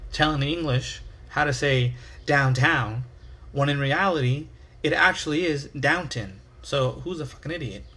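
A man's voice: medium pitch, bright, forceful tone, breathy edge. A man from the United States hosting his own podcast, rambling casually, swearing and making fun of himself. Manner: rambling, profane, self-mocking. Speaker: podcast host.

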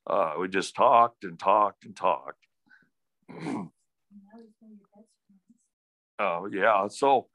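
A middle-aged man with a deep but bright, forceful voice tells a long family story in a folksy, rambling way. He acts out each exchange in quotes. The sound is dry and close. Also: expressive, very slow, pauses often, dry recording. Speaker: storyteller recounting family history. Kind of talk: casual oral storytelling.

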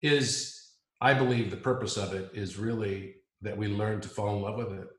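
A man's voice: fairly low pitch, steady tone, normal speed, a bit bright. A man as an interview guest, earnestly musing on spiritual ideas and restating his points. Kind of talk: reflective spiritual conversation. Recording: roomy echo.

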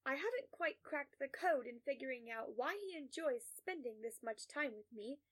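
A woman reading a first-person story aloud in a measured, condescending therapist's manner. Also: high-pitched, lively intonation. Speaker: narrator.

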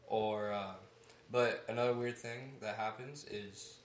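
A man's voice: lowish voice, steady tone, measured pace. A young man, a musician guest, chatting casually and rambling on a podcast, laughing often. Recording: echoey room, faint noise.

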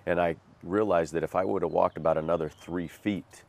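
A man's voice: low-pitched, fairly even intonation, brisk, creaky, darkish tone. A man recounting a hard chapter of his life as a personal testimony, earnest and self-deprecating. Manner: earnest, self-deprecating, vivid retelling with rueful laughs. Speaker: guest sharing his life story.

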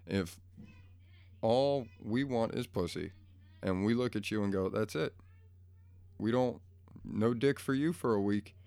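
A man's voice: lowish voice, vocal fry, a little mellow, dry recording. A man in a casual, profane rant to his viewers, blunt and crude, rambling and easily pulled off track, recorded at home. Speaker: vlogger. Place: home room.

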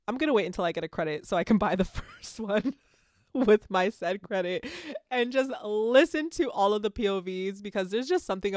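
A woman's voice: medium pitch, dry recording, studio quality. A woman hosting a casual podcast, swearing freely and giggling as she talks about and reads from a book. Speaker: podcast host. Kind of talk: casual chat and book reading.

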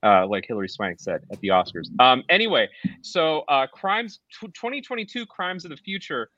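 A man with a bright, forceful voice talks through a film in a loose, rambling way, dropping sarcastic asides as a podcast co-host. The sound is dry and a little dull, like a lo-fi recording. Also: fairly high pitch, sing-song, normal speed, no echo. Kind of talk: casual movie review chat.

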